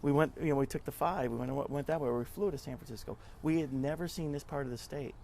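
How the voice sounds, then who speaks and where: A middle-aged man, a nonprofit club leader, giving a casual interview and telling stories in a lively way, often acting out what people said. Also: on the high side, quick pace, creaky, slight background noise. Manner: chatty, animated storyteller who acts out quotes.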